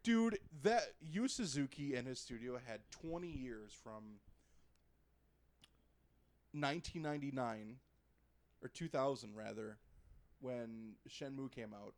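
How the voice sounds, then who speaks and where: A young man co-hosting a podcast, ranting about a game in an exasperated, sarcastic way and swearing a lot. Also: medium pitch. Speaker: podcast co-host. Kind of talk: casual game review rant.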